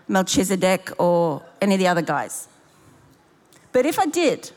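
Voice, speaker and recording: A woman preaching a sermon in a church, making emphatic, repeated declarations and leading a closing prayer. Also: medium pitch. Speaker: pastor, guest preacher. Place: large church auditorium. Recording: long reverb of a big church hall.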